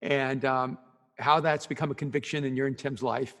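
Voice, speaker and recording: A man, a pastor, interviewing a guest, talking in a halting way with many restarts and murmured encouragement. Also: mid-range voice, steady tone, a bit bright, in a large hall. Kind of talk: interview conversation.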